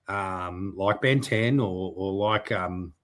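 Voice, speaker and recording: A man's voice: low-pitched, slow. A man co-hosting a podcast, speaking in a hesitant, mock-indignant casual chat with many fillers. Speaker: podcast co-host.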